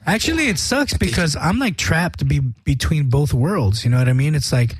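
A man hosting a casual music radio show, talking in a relaxed, rambling way with plenty of fillers. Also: on the high side, moderate pace, husky, dry recording. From United States.

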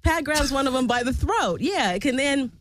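A woman hosting a podcast, telling a bar-fight story in an animated, profane way and acting out the people she quotes. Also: moderate pace, a little hiss or hum, rough recording. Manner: animated, profane, acts out quotes with big pitch jumps. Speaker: podcast host. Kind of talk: casual storytelling.

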